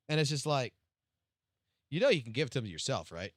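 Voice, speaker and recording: A man with a mid-range, sing-song voice talks a little fast but leaves long pauses, recorded clean and dry in a studio. He's live-streaming a casual late-night rant, swearing heavily, rambling, and restarting his sentences.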